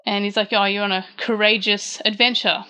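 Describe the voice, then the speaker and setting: A woman's voice: medium pitch, level tone, fairly quick, sharp tone, clean tone. A woman hosting a casual recap show, retelling scenes in a chatty way and lifting her voice for the quoted lines. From Australia. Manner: frequent fillers and restarts, chatty. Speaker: podcast host recapping a manga chapter.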